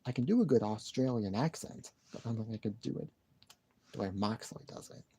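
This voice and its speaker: Gravelly-voiced man rambling on a live stream. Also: on the low side, lively intonation, fairly quick, mellow, slight background noise. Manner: rambling, repeats himself, sighs. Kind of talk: casual live-stream chat.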